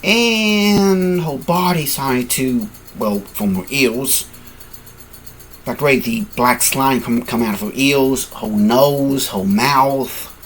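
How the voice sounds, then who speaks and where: A man with a medium-pitched voice speaks slowly, improvising fan fiction while sleepy and yawning. He rambles, corrects himself, and apologizes along the way, with slight background noise present.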